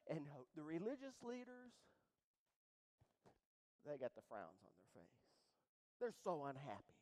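A man preaching a sermon to a congregation, moving from quiet asides to loud, fervent exclamations. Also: on the high side, wildly swooping pitch, measured pace, long pauses, low-quality recording. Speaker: pastor. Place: church sanctuary with congregation.

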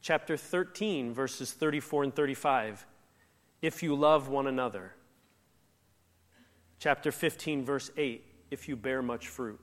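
A man's voice: mid-range voice, a little slow, pauses often. A man preaching a sermon in a conversational, emphatic way, acting out the lines he quotes. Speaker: pastor. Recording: echoey hall reverb.

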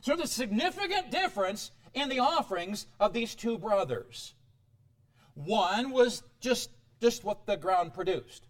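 This middle-aged pastor preaches at a measured pace, his voice high and lively. Quiet asides give way to sudden loud outbursts, and his pitch rises and falls sharply to press each point.

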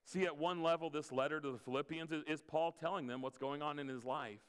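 A man's voice: on the high side, fairly even intonation, fairly quick, a bit bright, smooth. A man preaching a conversational sermon as pastor, mixing scripture with playful asides. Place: church sanctuary. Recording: long hall reverb.

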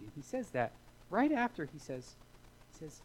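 A man's voice: a little high, big pitch swings, normal speed, slight background noise, low-quality recording. Man, middle-aged, pastor, sermon, emphatic, repeats lines for weight, church. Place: church sanctuary.

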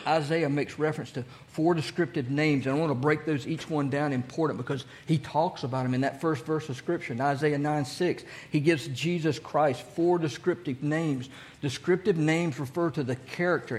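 A male pastor preaching a sermon in a folksy, conversational way, asking the congregation questions. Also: a little high.

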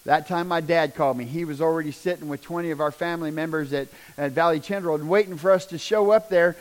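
A middle-aged man telling a personal testimony as a father, his telling raw and intense and swinging from hushed to loud. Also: fairly high pitch, fast. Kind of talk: emotional personal testimony storytelling.

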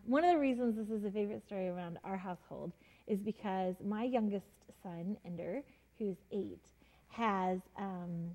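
A woman's voice: mid-range voice, dark tone, poor audio. A woman, a mother, teaching a Bible story in a casual, chatty way, full of fillers and acted-out quotes. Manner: chatty, many fillers, laughs often, acts out quotes.

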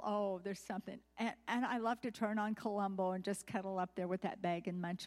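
A woman preaching a sermon in a frank, chatty way, poking fun at herself and putting questions to her listeners. Her voice sits at a middling pitch for a woman. She tells her stories with energy and picks up speed when she quotes others. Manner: candid and self-deprecating, asking the listeners questions; lively storytelling, quickening when quoting others. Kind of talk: conversational sermon.

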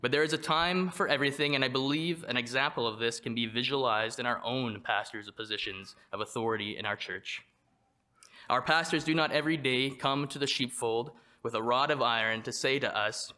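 A man preaching a sermon, reading from a prepared text in a measured way and slowing down to stress quoted verses. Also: medium pitch, sharp tone. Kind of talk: read sermon.

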